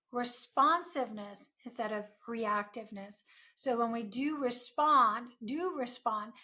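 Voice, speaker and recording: A woman's voice: on the high side, bright, forceful tone. A woman hosting an advice podcast, talking earnestly in a coaching tone with frequent rhetorical asides. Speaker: podcast host.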